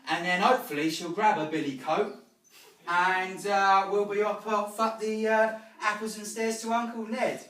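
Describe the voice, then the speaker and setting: A man doing a loud cocky Cockney geezer. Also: sits high, steady tone, normal speed. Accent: put-on Cockney. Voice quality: loud, rhyming-slang patter. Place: living room of a home. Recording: roomy sound from a distant mic.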